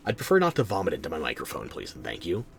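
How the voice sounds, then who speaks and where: A man's voice: deep voice, wildly swooping pitch, racing, creaky, slight background noise. Sardonic, tired male game streamer. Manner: sardonic, theatrical. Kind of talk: game commentary.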